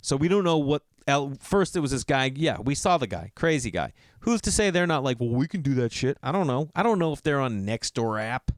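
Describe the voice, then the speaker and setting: A man's voice: brisk, few pauses, dry recording, clean studio sound. A middle-aged man hosting a podcast, telling a story in casual talk, swearing freely and acting out quoted lines. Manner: animated, swears freely, acts out quoted lines with jumps in pitch. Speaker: podcast host.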